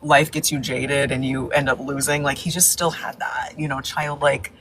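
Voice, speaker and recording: A woman's voice: very deep voice, flat delivery, moderate pace, noisy background. A woman hosting a live Q&A, chatty and upbeat. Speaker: host nurse. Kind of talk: casual live Q&A.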